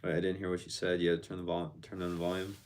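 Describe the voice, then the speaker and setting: A man's voice: low voice, little pitch movement, rapid-fire, darkish tone. A man casually chatting on a live stream, reading out viewer comments and answering them in a laid-back, slangy way.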